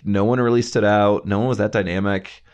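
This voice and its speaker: A man's voice: lowish voice, steady tone, a little fast, darkish tone. A man co-hosting a casual podcast, laid-back and slangy, leaning on filler words. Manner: laid-back, slangy, says "dude" and "like" a lot. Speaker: podcast co-host. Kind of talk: casual chat reviewing a TV show.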